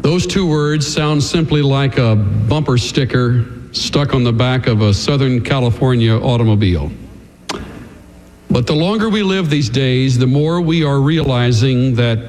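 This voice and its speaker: A man's voice: medium pitch, lively intonation, a little slow, darkish tone. Emphatic male preacher in a reverberant hall. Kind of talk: sermon.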